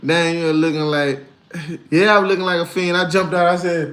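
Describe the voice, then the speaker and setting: A man chatting casually on a livestream, slangy and animated, telling stories and answering viewers. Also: a little high, normal speed. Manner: animated, slangy, storytelling with put-on voices. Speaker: livestreamer and musician.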